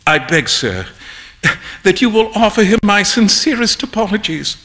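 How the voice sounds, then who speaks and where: A sheepish young gentleman who grumbles over his bad luck , as a male reader puts him on. His voice is bright and lively in pitch, and his tone stays sulky. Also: normal speed, heavily acted.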